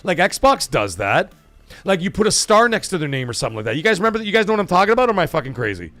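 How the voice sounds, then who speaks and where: A man's voice: high-pitched, rapid-fire, no room sound, faint music behind. A man hosting a casual livestream, swearing freely and reading viewer donations aloud. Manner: excitable, swears often, reads donations aloud. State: emotional, voice catching. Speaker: livestream host.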